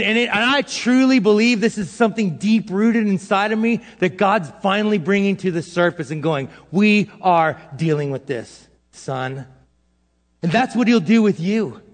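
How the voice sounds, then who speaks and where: A middle-aged male pastor giving a sermon in a casual, self-deprecating way, swinging between loud and hushed. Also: high-pitched. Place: church hall. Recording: long hall reverb.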